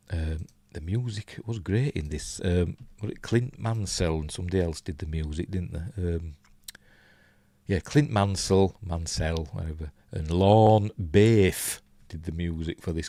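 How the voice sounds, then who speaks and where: A Yorkshire man with a low-pitched voice hosts a casual live film breakdown as a film reviewer, with no room sound. He rambles, thinks out loud and reads viewer comments aloud.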